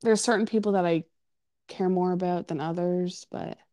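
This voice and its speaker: A woman's voice: on the low side, steady tone, moderate pace, warm tone, dry recording, studio quality. A woman co-hosting a podcast in casual chat, rambling with many fillers and restarts. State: has the hiccups. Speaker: podcast co-host.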